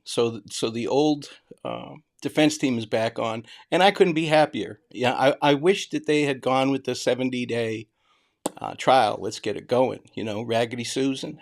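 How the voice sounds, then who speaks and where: Chatty Boston-accented man. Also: medium pitch. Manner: chatty, greets viewers by name; non-rhotic, drops his R's. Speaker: live stream host. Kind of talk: casual live-stream commentary.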